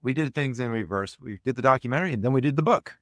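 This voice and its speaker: A man, a podcast guest, who talks haltingly and searches for his words. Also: medium pitch, expressive, no room sound, clean studio sound. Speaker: co-author guest. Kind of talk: conversational podcast interview.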